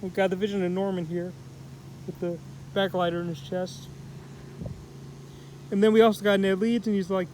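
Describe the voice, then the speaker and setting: A man's voice: high voice, fast talker, a little hiss or hum, low-quality recording. A man giving a casual spoken comic book review, rambling with lots of fillers as he loosely paraphrases the characters.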